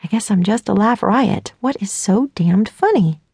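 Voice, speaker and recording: A woman's voice: mid-range voice, expressive, normal speed, warm tone, husky, dry recording, clean studio sound. A woman voicing a cocky, teasing teenage boy. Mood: playful. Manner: teasing, laid-back drawl.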